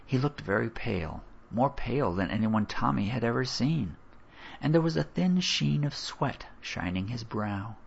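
A man narrating a story in a measured, expressive way, on a dull lo-fi recording. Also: mid-range voice, creaky, husky. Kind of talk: audiobook narration.

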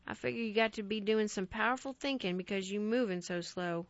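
A woman voicing a gruff, blunt old farmer father who scolds his son loudly in a storybook reading. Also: mid-range voice, brisk, no room sound, close to an everyday voice. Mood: scolding. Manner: gruff, loud and blunt country talk. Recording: dry, slightly dull recording.

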